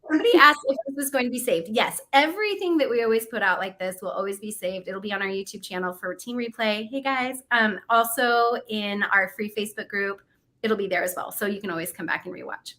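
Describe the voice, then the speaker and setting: Upbeat midlife woman host, bright forceful voice, chatty and encouraging on a livestream. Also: mid-range voice, expressive, a little fast. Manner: chatty and encouraging, laughs often. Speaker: co-host of a goal-setting livestream. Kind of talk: casual motivational talk.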